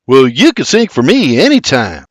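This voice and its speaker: A man's voice: mid-range voice, wildly swooping pitch, moderate pace, no room sound, studio quality. A man voicing a charming young colonial farmhand who speaks cheerfully.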